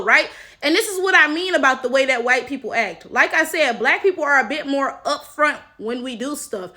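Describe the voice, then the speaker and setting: A woman's voice: sits high, pushed and bright. A woman hosting reaction commentary, emphatic and sarcastic, tagging points with questions. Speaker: commentary channel host.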